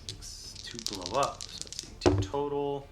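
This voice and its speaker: A man's voice: medium pitch, measured pace. A man narrating a solo tabletop game as game master, casual and loose with frequent fillers. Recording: voice over loud background music. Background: music.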